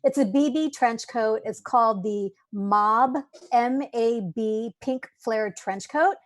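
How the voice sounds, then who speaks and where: A woman's voice: a little high, takes it slowly, no room sound, clean studio sound. Chatty woman presenting a fashion segment. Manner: chatty, enthusiastic about clothes. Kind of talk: casual chat.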